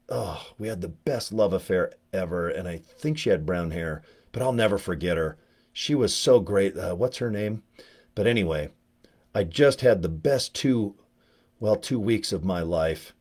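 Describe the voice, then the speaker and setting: A man's voice: on the low side, darkish tone. A middle-aged man telling a rambling, crude personal story, slipping into voices for the people he quotes.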